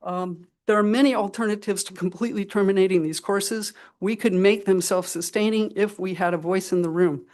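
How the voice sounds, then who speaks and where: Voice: mid-range voice, steady tone, fairly quick, few pauses, a little mellow. A person giving public comment at a college budget meeting, earnest and pleading.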